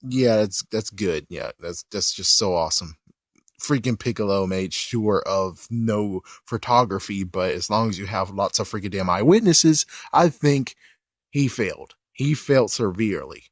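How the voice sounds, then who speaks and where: A man's voice: on the low side, measured pace, dry recording, studio quality. A man giving a casual, rambling recap of a cartoon episode, exasperated and swearing mildly. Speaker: video commentator.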